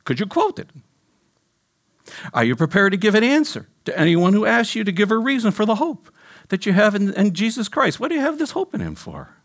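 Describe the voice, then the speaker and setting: A man delivers a sermon with a slightly higher-than-average voice that swings widely in pitch. He keeps firing questions at his listeners and sinks to a low, hushed tone when quoting scripture. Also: brisk. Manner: animated, questioning the congregation directly. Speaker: pastor.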